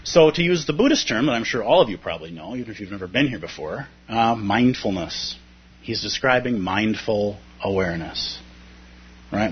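A man's voice: mid-range voice, a little hiss or hum. A man giving a reflective, conversational dharma talk about a poem, often checking in with his listeners. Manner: reflective, conversational, frequent "right?". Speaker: dharma teacher. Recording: muffled lo-fi talk recording.

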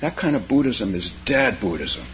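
Older man with a low, lively voice. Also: moderate pace. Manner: chuckles often while telling stories. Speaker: Zen teacher. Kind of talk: dharma talk with personal stories. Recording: dull lo-fi recording with faint noise.

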